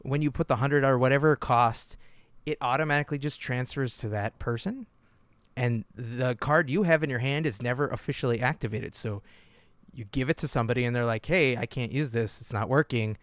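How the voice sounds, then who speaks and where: A man co-hosting a podcast who tells stories with animated, joking energy and laughs often. His pitch sits in a middle range. The sound is dry and close, with no room echo. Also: fairly quick. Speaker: podcast co-host. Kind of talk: casual podcast chat.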